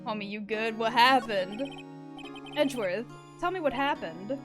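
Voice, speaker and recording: A woman's voice: on the high side, expressive, a little slow, music in the background. A woman voicing an earnest young male defense attorney in a game, in a direct, near-natural voice.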